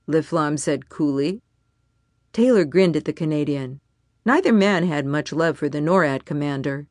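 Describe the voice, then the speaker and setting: A woman narrating an audiobook in a measured, even storytelling manner. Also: deep voice, no room sound, clean studio sound.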